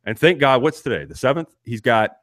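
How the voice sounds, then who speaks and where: A man's voice: medium pitch, lively intonation, fairly quick, fairly bright tone, no room sound, clean studio sound. A middle-aged man co-hosting a sports podcast, ranting in an exasperated way and restarting his sentences often. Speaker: podcast co-host. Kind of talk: casual sports chat.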